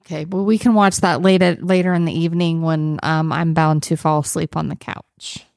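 A woman on a podcast, answering with wry, defensive humor and frequent laughter. Her voice sits lowish for a woman, and the recording is close and dry. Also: steady tone, normal speed, gravelly, a little mellow, no room sound. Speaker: podcast guest. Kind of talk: casual chat.

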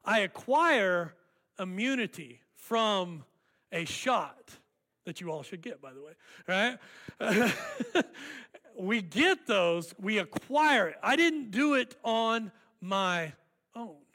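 A man preaching a sermon as pastor, deliberate and emphatic, drawing out key words. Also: sits high, very animated, pushed and bright, in a large hall.

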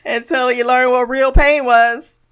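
A woman's voice: high voice, fairly even intonation, a little slow, a bit bright, smooth. A woman hosting a podcast, giving a casual, sarcastic review of an episode, often laughing and acting out quotes. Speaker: podcast host.

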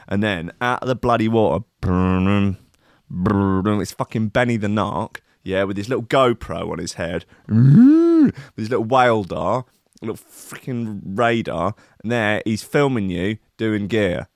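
This radio host reads out a news item and riffs on it in a comic rant, full of swearing, sarcasm and pretend indignation. His voice sits low, and the studio-quality recording is dry.

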